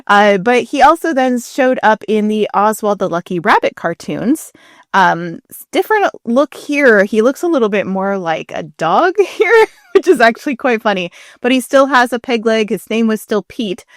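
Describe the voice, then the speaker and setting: A woman's voice: a little high, very animated, normal speed, no echo, studio quality. A woman co-hosting a casual podcast, chatting and explaining history with frequent laughs. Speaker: co-host.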